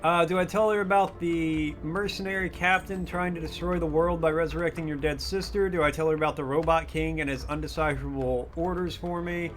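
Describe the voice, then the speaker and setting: A man's voice: fairly high pitch, steady tone, a little fast, few pauses, soft background music. A man in his twenties streaming a game, casually chatting and thinking aloud with self-amused humor. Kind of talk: casual let's-play chat.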